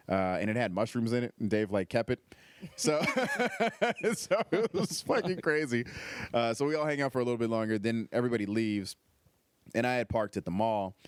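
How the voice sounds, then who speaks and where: A man with a low, smooth voice recorded close and dry. He tells a rambling, profane story in casual chat, full of fillers. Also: no room sound. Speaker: stand-up comedian guest.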